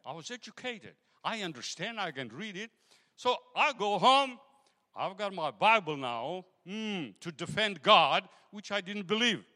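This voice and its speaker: A man whose first language is Greek, preaching a testimony sermon and telling his story with emotion, swinging from loud exclamations to hushed asides. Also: sits high, sing-song, unhurried, big-room sound. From Greece. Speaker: guest preacher.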